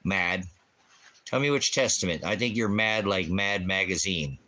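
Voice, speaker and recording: A man with a deep, bright, forceful voice hosts a ministry livestream at a measured pace. He answers the chat with profanity, insults, and mockery, jumping back and forth between crude jokes and talk of scripture.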